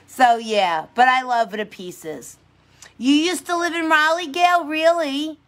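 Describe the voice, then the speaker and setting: A woman's voice: sits high, measured pace, a bit bright. Woman, casual livestream chat, rambling, upbeat, encouraging, phone mic at home. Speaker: makeup livestream host.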